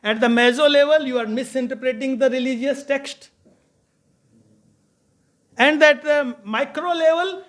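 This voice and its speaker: A man giving an academic conference lecture, emphatic and halting, with frequent restarts. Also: high voice, a bit bright. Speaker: conference speaker.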